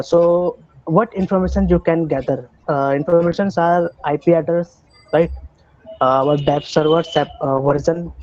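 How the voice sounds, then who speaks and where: A cybersecurity instructor with an Indian English accent and a slightly high, mellow voice lectures an online class. He speaks in halting bursts full of fillers and restarts, and the call audio sounds muffled with a little hiss or hum.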